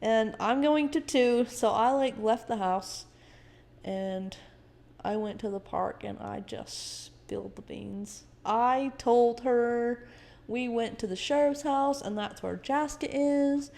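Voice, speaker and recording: A young woman, a podcast guest, telling a personal story in a casual, animated way, often quoting others and swearing. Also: fairly high pitch, takes it slowly, creaky.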